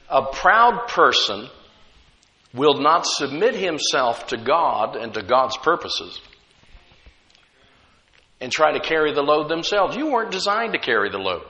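A man's voice: medium pitch, bright, forceful tone, big-room sound, muffled recording. A man preaching a sermon as pastor, conversational, with frequent rhetorical questions to the congregation.

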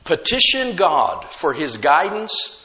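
A man's voice: fairly high pitch, big pitch swings, slow, bright, forceful tone, big-room sound, muffled recording. A man preaching a sermon as pastor, conversational, with frequent rhetorical questions to the congregation.

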